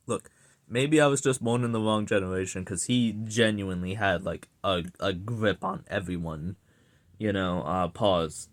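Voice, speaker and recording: A man's voice: low voice, a little slow. A young man giving a casual, profane rant to his audience, exasperated and sarcastic. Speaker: vlogger ranting.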